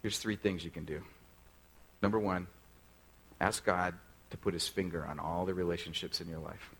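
A man's voice: deep voice, fairly even intonation, moderate pace, slightly rough, low-quality recording. A male pastor preaching a sermon in a conversational way, often putting direct questions to the congregation.

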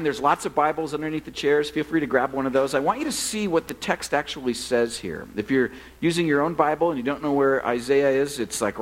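A male pastor preaches with a husky edge to his voice, his pitch rising and falling in lively swings. He talks to the congregation in a relaxed, joking way and pokes fun at himself. When he prays, he turns earnest and quiet. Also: poor audio. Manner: conversational and self-deprecating, joking with the congregation; earnest, softening to a quiet prayer. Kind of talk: sermon. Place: church service.

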